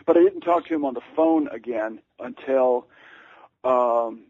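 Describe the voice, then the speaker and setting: A man's voice: mid-range voice, wildly swooping pitch, measured pace, gravelly, no echo, phone-quality sound. A male author and writing teacher, interviewed and telling a story at length, hesitant, with many fillers and restarts.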